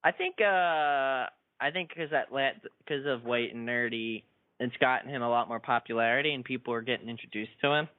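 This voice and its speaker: Guy on a podcast, hesitant, halting, mid voice, tinny phone-like audio. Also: mid-range voice, smooth, no echo. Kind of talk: casual podcast chat.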